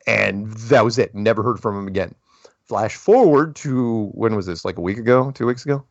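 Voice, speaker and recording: A man hosting a casual call-in podcast, talking in an animated way with frequent chuckles and restarts. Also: on the low side, normal speed, dry recording, muffled recording. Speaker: podcast host.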